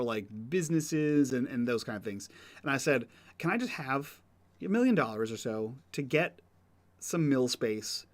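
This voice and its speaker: Chatty, rambling man hosting a livestream. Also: medium pitch. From New England. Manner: chatty, rambling, lots of fillers. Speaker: host. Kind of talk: casual livestream Q and A.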